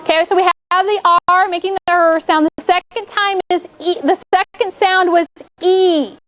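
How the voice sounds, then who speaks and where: Very high-voiced woman teaching a class. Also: fairly even intonation, moderate pace, fairly bright tone, low-quality recording. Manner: repetitive call-and-response prompting. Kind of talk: classroom instruction.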